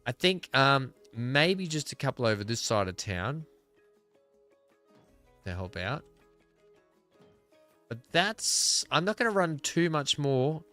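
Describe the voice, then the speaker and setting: A man's voice: medium pitch, big pitch swings, takes it slowly, long pauses, pushed and bright, soft background music. An Australian man giving casual, rambling gameplay commentary, thinking aloud as he plays. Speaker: gaming video creator.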